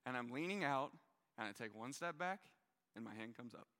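Young male preacher, casual and animated, bright tone, long hall reverb. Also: mid-range voice, a little fast. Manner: casual, animated storytelling with many fillers. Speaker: young adult pastor. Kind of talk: sermon storytelling. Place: large hall with a stage.

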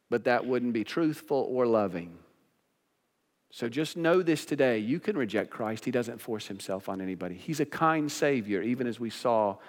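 A male pastor preaching a sermon, pleading and emphatic, dropping at times to a quiet, intimate tone. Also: mid-range voice. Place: church sanctuary. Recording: long church reverb.

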